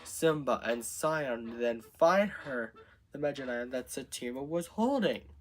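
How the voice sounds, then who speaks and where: A man improvising a story out loud, narrating in a halting way with restarts. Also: mid-range voice, lively intonation.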